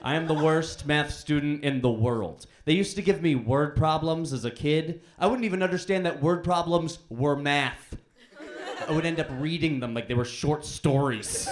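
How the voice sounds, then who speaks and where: A young adult man doing a stand-up comedy set on a student show stage, deadpan with absurd one-liners and playful put-on voices. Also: on the high side, normal speed. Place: student show stage before a live audience.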